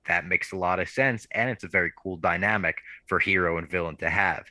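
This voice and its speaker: A man's voice: low-pitched, a little fast, hardly any pauses, pushed and bright, no echo. A man hosting a podcast, recapping a TV episode in a laid-back, casual way. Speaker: podcast host.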